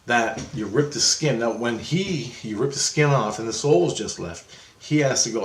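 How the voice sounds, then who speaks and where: Rambling, profane man in an echoey room. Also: mid-range voice. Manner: rambling, profane, animated retelling with self-corrections. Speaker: vlogger. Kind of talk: casual storytelling monologue.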